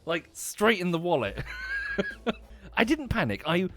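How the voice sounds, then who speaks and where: A man's voice: high-pitched, slow, background noise. A British man telling a story in casual monologue, exasperated and swearing freely as he talks. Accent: British English. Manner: animated, exasperated, swears freely, laughs often. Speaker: streamer.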